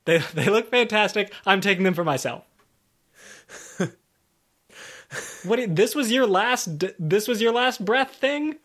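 A man chatting casually about a tabletop game session, animated and laughing in mock outrage. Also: high-pitched, a little slow, long pauses.

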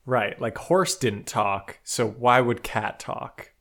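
A man's voice: mid-range voice, a bit bright. A young man co-hosting a podcast, bantering playfully about a book. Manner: playful, quick to mimic characters. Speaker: podcast co-host. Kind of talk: casual book discussion chat.

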